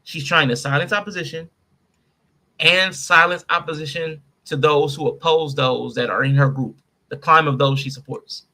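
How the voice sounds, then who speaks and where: Podcast guy picking apart a statement line by line, bright sharp voice, kinda high. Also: normal speed. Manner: animated, breaks down a statement line by line. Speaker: podcast host. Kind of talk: casual commentary.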